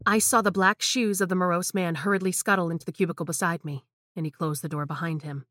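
A woman reading a scripted horror story in a hushed, tense way. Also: lowish voice, fairly even intonation, quick pace, dry recording, studio quality. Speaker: narrator.

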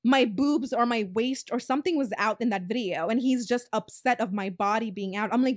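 A woman's voice: on the high side, normal speed, hardly any pauses, no echo, clean studio sound. A woman in her twenties hosting a podcast, telling a story in a blunt, casual way, swearing freely and saying "like" a lot. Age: 20s. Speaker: podcast host.

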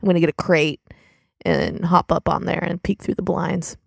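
A woman playing a tabletop role-playing game, quick and playful in her remarks. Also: on the low side, steady tone, creaky, darkish tone, no echo, clean studio sound. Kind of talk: in-character role-play banter.

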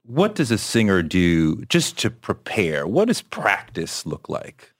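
A man's voice: lowish voice, huge pitch swings, takes it slowly. A man hosting an interview, asking curious, probing follow-up questions. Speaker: interview host. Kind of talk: conversational interview.

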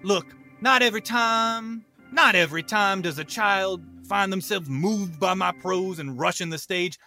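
A man voicing a smooth-talking male preacher con man in a tabletop game, theatrical and grandiose. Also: high-pitched, a little slow, bright, forceful tone, faint music behind, pitched above the performer's own voice, full character voice. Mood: defensive. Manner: theatrical, grandiose, sing-song.

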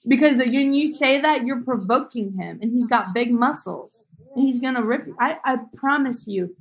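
A woman trading jokes on a comedy podcast with lively, animated energy. Her voice is high and bright. She slips into silly voices as she talks. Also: normal speed. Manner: animated, does silly voices and sings loudly. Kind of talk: improvised comedy chat.

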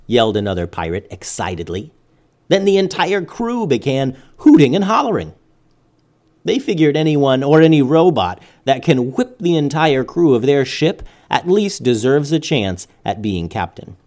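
Animated male storyteller. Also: medium pitch, normal speed. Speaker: storyteller host. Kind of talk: bedtime story narration.

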